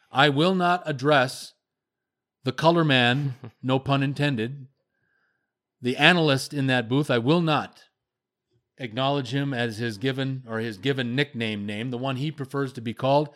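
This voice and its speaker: An older man hosting sports talk, giving a blunt, opinionated rant that gets louder as he heats up. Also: medium pitch, normal speed. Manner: blunt, ranting critique, voice rising when heated. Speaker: sports radio host.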